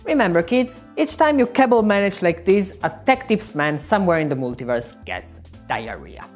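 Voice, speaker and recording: A woman's voice: expressive, normal speed, a little mellow, soft background music. A woman doing a comic supervillain-persona narration, theatrical and sarcastic. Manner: theatrical, sarcastic, swinging wildly in pitch. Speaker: YouTube maker.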